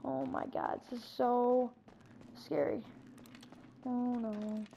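A woman's voice: fairly high pitch, fairly even intonation, slow pace, gravelly, warm tone, lo-fi sound, slight background noise. A woman playing through a scary game story, reacting breathlessly with lots of exclamations. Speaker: player acting out a scary game movie. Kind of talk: improvised game role-play narration.

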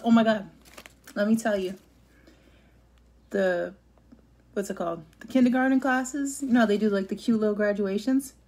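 Chatty mellow-voiced woman vlogger. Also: mid-range voice. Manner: chatty, rambling, emotional. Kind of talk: casual eating-show chat.

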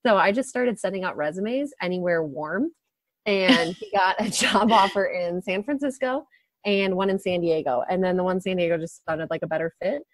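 A woman's voice: on the low side, normal speed, dry recording. A young woman from Wisconsin with a faint Upper Midwest accent, chatting casually as a guest and laughing often. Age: young adult. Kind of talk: casual conversation.

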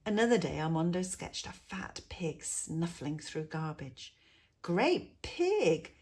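A woman reads a children's picture book aloud, taking her time over every phrase. Her low, slightly husky voice turns hushed and soft in the quiet passages. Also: a little slow. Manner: expressive, drops to a hush in quiet moments. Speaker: teacher reading to pupils. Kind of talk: storybook read-aloud.

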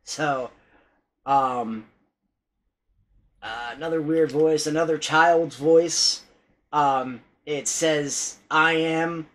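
A man's voice: fairly high pitch, drawn-out words, pauses often, low-quality recording. A man vlogging casually about paranormal recordings, rambling and hesitant, with many restarts and some swearing. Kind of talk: casual vlog talk.

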